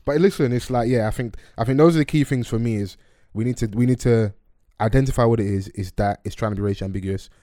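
Fast-talking young man, dry mic. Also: medium pitch, no echo. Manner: quick, animated and joking, heavy with slang. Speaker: podcast host. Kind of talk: casual podcast chat.

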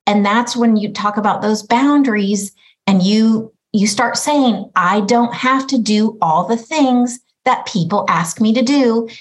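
A middle-aged woman with a slightly high voice talks earnestly as a guest on a podcast. She often acts out the thoughts in her own head. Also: measured pace, poor audio. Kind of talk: reflective conversation.

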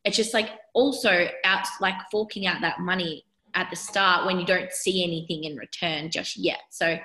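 An Australian woman chatting as a podcast guest, her voice bright and forceful. She talks in a loose, chatty way, leaning on "like" and "you know." The sound is roomy and echoey. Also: fairly low pitch, fairly even intonation, moderate pace. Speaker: guest, business owner. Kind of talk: conversational podcast interview.

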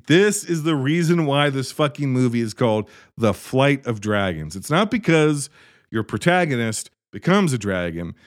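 Sarcastic, animated man recapping a movie. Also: medium pitch. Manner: sarcastic, exasperated, swears freely, acts out characters' lines. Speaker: movie reviewer. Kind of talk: profane comedic movie recap.

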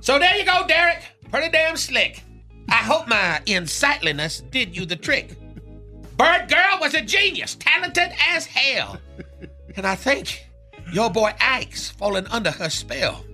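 Picture a cocky male radio character, as a man puts him on, talking in loose jive slang and inventing silly long words as he brags. His voice sits high and sounds sharp and bright. It swoops all over the place, and faint music plays behind him. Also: sing-song, a little slow, exaggerated voice. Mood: swaggering. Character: brash boastful male radio character who coins fake words. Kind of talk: comedy radio bit.

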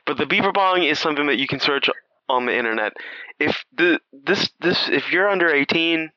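Male podcast co-host, animated and bright, joking and rambling, slightly lo-fi dry recording. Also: fairly high pitch, a little fast, no echo. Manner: joking, rambling, laughs often. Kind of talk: casual chat. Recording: slightly dull lo-fi sound.

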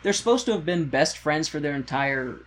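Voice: mid-range voice, lively intonation, a little fast. Brief: co-host, casual and crude, rambles through a plot recap, jokes often. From United States. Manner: joking, profane, rambling storytelling. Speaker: podcast co-host. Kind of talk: casual chat recapping a musical.

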